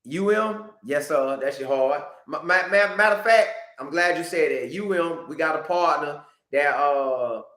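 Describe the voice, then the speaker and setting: A man hosts a loose, casual live stream and talks straight to his viewers. He repeats himself and gets animated as he goes. His voice sits a little high and carries the echo of a roomy space. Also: a little slow, few pauses. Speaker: podcast host reading live chat.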